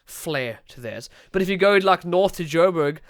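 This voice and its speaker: A South African man hosts a laid-back podcast chat. His voice is smooth and a touch high, recorded close and dry. He rambles cheerfully, swears freely and laughs at his own asides. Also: expressive, moderate pace, no echo. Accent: South African English. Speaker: podcast host.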